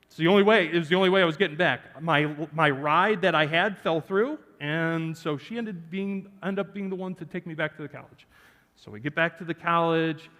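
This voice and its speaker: A man on the high side, speaking a little fast, delivers a sermon in a church sanctuary. He's animated, telling a personal story and joking with the congregation amid hall reverb.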